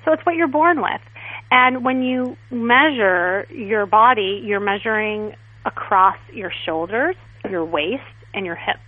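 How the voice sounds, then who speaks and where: A woman guest stylist in a casual interview, telling stories in a chatty, animated way. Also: mid-range voice, a little slow. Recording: tinny phone line.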